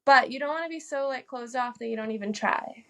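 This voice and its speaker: A woman's voice: high voice, a little fast, bright, forceful tone. A woman talking as a podcast guest, reflective and chatty, saying "like" often. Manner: reflective, uses "like" a lot, laughs easily. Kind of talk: casual conversation.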